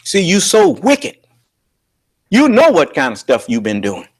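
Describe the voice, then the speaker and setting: A man preaching on scripture with emphatic, confrontational delivery, slowing down to draw out quoted verses. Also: on the high side, wildly swooping pitch, slightly rough. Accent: American. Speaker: religious leader and teacher.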